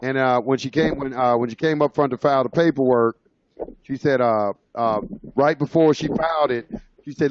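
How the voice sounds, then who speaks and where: Man, casual storyteller, rambling with fillers, mid pitch, dull muffled audio. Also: moderate pace, a little hiss or hum. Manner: rambling, informal, with many fillers and restarts. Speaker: speaker sharing his own experience.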